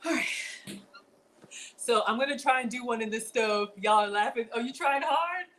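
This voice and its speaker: A woman's voice: a little high, normal speed, noisy background. A woman hosting a casual cooking livestream, chatting with her viewers as she cooks and flustered as she keeps telling herself to focus. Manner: chatty, talks to viewers as y'all. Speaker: cooking show host.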